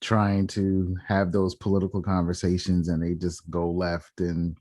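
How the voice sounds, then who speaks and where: A man hosting a podcast, a relaxed interviewer with short agreeing replies in casual chat. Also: low voice, measured pace, no room sound, studio quality. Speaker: podcast host.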